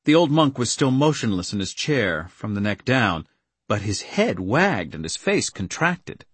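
A man narrating a story in the first person with an earnest, steady storytelling manner. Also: on the low side, a little slow, breathy edge, no echo. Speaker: audiobook narrator.

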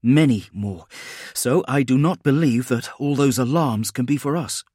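A commanding armoured woman proctor snaps out short orders, brisk and impatient, in an audiobook reading, voiced by a man. The voice sits up high and loud against the reading, recorded dry and close. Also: husky, dry recording, natural voice. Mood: terse. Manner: curt, barked orders.

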